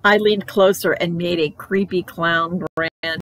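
A woman reading a children's book aloud for library storytime, in a playful, animated storytelling manner. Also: fairly low pitch, unhurried, slight background noise, poor audio.

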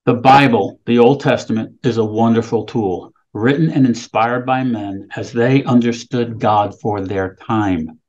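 A man's voice: mid-range voice, steady tone, unhurried, hardly any pauses, a little mellow, lo-fi sound. A man preaching a sermon, reading scripture aloud with rising emphasis and then explaining it plainly. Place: California, speaking remotely.

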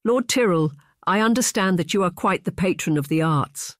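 Lively teasing young lady, narrator voicing her higher up, audiobook romance, dry close sound. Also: moderate pace, no room sound, natural voice. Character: witty, spirited young lady.

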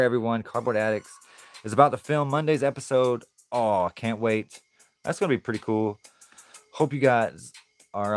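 A man chatting casually on a live stream as he opens card packs, easygoing and laughing often. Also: on the low side.

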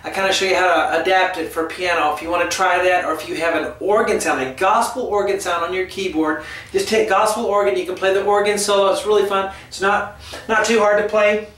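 A man giving a casual piano lesson, chatty and relaxed, humming rhythms as he explains the notes. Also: high-pitched, fairly quick, far from the mic. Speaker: piano teacher. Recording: echoey room, mic set back, loud piano. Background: piano playing.

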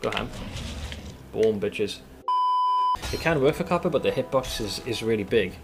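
A man streaming a game, commenting live, swearing often and yelling when startled. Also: lowish voice, expressive, moderate pace, creaky.

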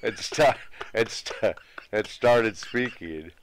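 A man being interviewed as a guest, telling stories in a measured, anecdotal way in a studio. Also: fairly low pitch, background noise. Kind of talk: interview storytelling.

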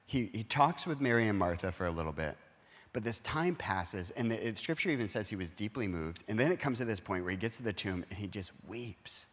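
A man's voice: on the low side, expressive, fairly quick, fairly bright tone, in a large hall. A man speaking as a pastor in a conversational sermon, earnestly explaining and acting out everyday dialogue. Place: church auditorium.

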